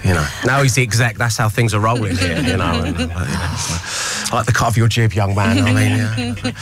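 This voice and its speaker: A man's voice: lowish voice, brisk, crowd noise. A man hosting a radio breakfast show, chatting and joking in a teasing, playful way. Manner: jokey, teasing, laughs often. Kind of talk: casual radio banter.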